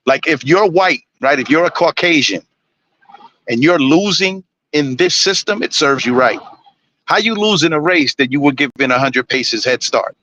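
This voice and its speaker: A man's voice: a little high, normal speed, bright, forceful tone, highs cut off. A man ranting on a live stream, blunt and preachy, swearing constantly. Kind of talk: profane ranting monologue.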